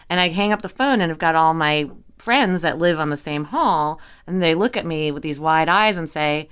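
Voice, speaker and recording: Low-voiced Brooklyn-raised woman. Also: moderate pace, hardly any pauses, clear, resonant tone. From Brooklyn, New York. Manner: animated storyteller, acts out quotes. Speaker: podcast co-host. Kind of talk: casual chat.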